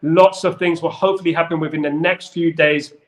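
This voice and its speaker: A man's voice: a little high, steady tone, a little fast. A man hosting a casual football chat who rambles and jokes, with lots of wordplay. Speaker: football channel host.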